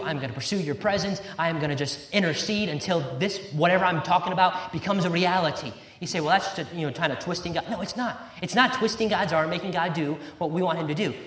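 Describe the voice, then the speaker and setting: High-voiced preacher in an echoey church. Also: male voice. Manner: emphatic, repeats key words, quotes scripture in old-fashioned wording. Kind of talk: sermon. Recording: roomy echo.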